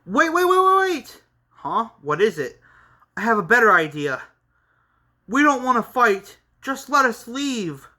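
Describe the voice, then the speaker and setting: A man voicing an angry, desperate young man in a manga read-along, shouting urgently. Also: very high-pitched, sing-song, unhurried, pitched above the performer's own voice, full character voice. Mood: panicked.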